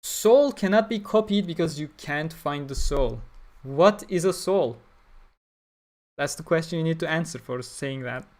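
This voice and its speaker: A Turkish man answers his livestream chat in a casual, blunt, opinionated manner, talking through ideas with fillers. His slightly high voice is a little mellow, with lively intonation and an unhurried pace.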